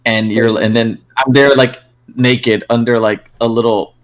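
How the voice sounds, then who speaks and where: A man's voice: mid-range voice, little pitch movement, a little slow. Young man rambling with crude jokes. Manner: rambling, laughing storyteller, lots of filler. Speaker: podcast co-host. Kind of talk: crude casual chat.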